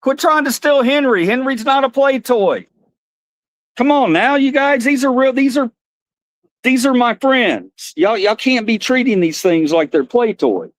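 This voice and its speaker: A cheery, sing-song hippo puppet, as a man puts him on in a voice pitched far above his own, swooping up and down. The hippo speaks slowly and sweetly, close to the mic with little room sound. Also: lively intonation, dry recording. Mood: scolding. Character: friendly male hippo puppet.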